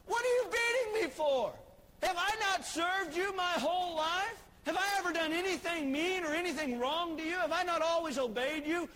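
A man voicing an indignant talking donkey that protests being beaten, in a high, loud, complaining voice during a sermon retelling. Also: normal speed, long reverb tail, noisy background.

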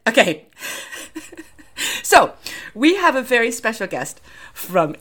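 A woman's voice: a little high, big pitch swings, slow pace, fairly bright tone. A woman co-hosting a podcast in casual chat, rambling, giggly and self-deprecating. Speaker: podcast co-host.

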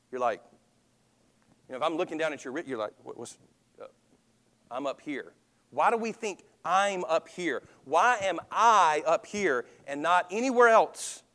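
A man's voice: high-pitched, a bit bright, in a large hall. A man preaching a sermon as pastor, talking conversationally and asking the congregation questions.

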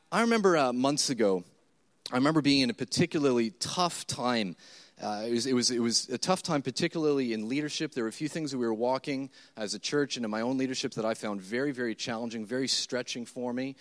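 A man's voice: medium pitch, a little fast. A male pastor in his thirties preaching a sermon to his church, talking in a conversational way, repeating words and acting out his own thoughts. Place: church service before a congregation.

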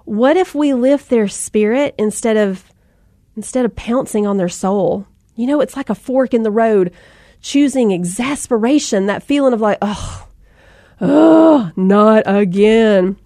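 A woman's voice: on the high side, normal speed, dark tone, no room sound, studio quality. A woman in her thirties giving a folksy Christian talk to mothers, in a conversational style with asides and fillers. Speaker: Christian speaker. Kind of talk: faith-based talk to mothers.

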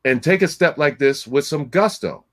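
A man's voice: fairly high pitch, lively intonation, normal speed. A man in casual chat, telling a story bluntly and with profanity, acting out both sides of a conversation.

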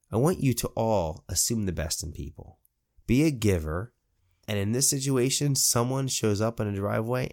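A man runs a cleaning business and tells a personal story in a casual, animated way. He acts out the people in it and closes with encouragement. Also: fairly low pitch. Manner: animated, quotes people in lively voices; encouraging, preachy at the end.

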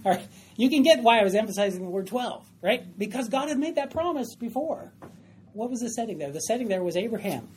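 A woman's voice: fairly high pitch, very animated, a little fast, a little mellow, slight background noise. A woman teaching a Bible study class, emphatic and often questioning her group.

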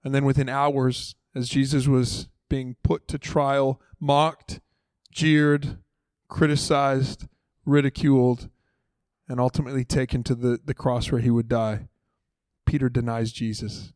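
A man's voice: mid-range voice, little pitch movement, a little slow, a little mellow, no echo. A man preaching a sermon in a conversational way, acting out the dialogue of the story in casual, everyday voices. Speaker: pastor.

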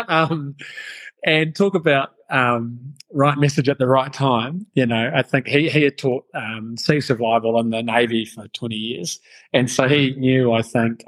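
A man's voice: medium pitch, rough recording. New man, 30s, easygoing podcast guest, salty storyteller. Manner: laughs often, swears casually, relaxed storyteller. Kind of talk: casual storytelling interview.

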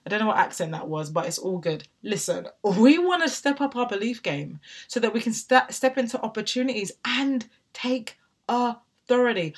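A woman in her thirties giving an emphatic motivational talk, asking rhetorical questions and checking in with "right?". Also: mid-range voice. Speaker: motivational podcast host.

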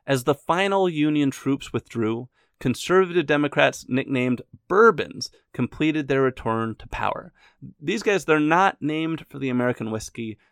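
A man's voice: mid-range voice, smooth, dry recording, studio quality. A man narrating history in a scripted but conversational way, adding his own opinions and wry asides. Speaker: history podcast host.

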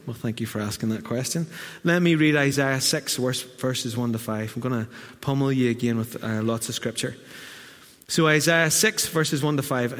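A man from Northern Ireland with a Northern Irish accent preaching a sermon in a church, lively and humorous, with asides to the congregation. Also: a little high. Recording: long church hall reverb.

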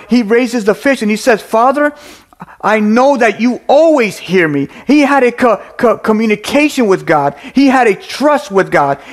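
A middle-aged man preaching a sermon, earnest and repetitive, with restarts and fillers. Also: high voice.

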